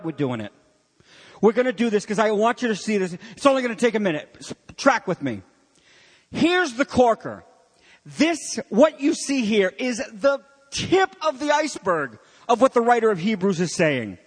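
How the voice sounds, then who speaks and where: Animated high-voiced preacher in a reverberant hall. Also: male voice, normal speed, breathy edge. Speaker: pastor. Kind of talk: sermon.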